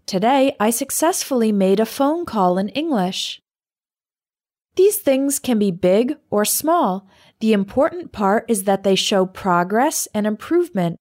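A woman reading a scripted English lesson in a clear, measured way, slowing down for the example phrases. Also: mid-range voice, lively intonation, darkish tone. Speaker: English teacher.

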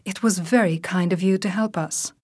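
A woman reading English vocabulary drills aloud as a teacher, saying each word and example sentence slowly and deliberately. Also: lowish voice, darkish tone, dry recording, studio quality. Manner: clear, deliberate word-by-word enunciation.

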